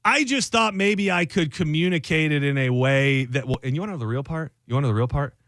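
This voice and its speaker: A man's voice: on the high side, fast, a bit bright, dry recording, studio quality. Self-mocking talk radio host, a man. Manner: self-mocking, rambling with many restarts. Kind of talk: casual talk radio banter.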